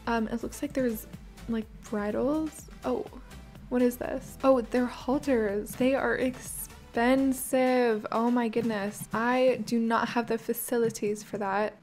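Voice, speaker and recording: A woman with a somewhat high voice talks through her game in a loose, bubbly ramble, often amused by her own remarks. She speaks close to a desktop microphone while soft game music plays in the background. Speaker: gaming channel host. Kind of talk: casual gameplay commentary. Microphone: desktop USB microphone.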